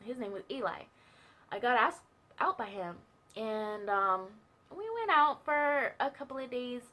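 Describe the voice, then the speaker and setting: A woman's voice: on the high side, animated, a little slow, sharp tone. A young woman telling a personal story in a chatty, casual way, full of fillers and asides. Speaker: vlogger sharing a testimony.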